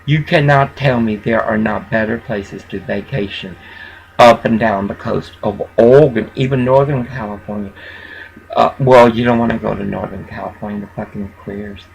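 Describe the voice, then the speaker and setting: A man's voice: mid-range voice, creaky, a bit bright, slightly rough, low-quality recording. A man vlogging a rambling, profane rant, scattered and broken by chuckles. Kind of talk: rambling monologue.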